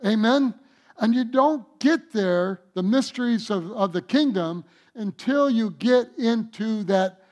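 High-voiced preacher swinging loud to hushed. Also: male voice, slow pace. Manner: acts out scripture dialogue with animated voices. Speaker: pastor. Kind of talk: sermon.

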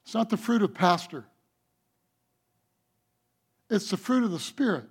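A male pastor delivers a sermon in a high voice, taking it slowly and deliberately. He preaches emphatically, pausing to throw rhetorical questions at his listeners. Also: animated, slightly rough.

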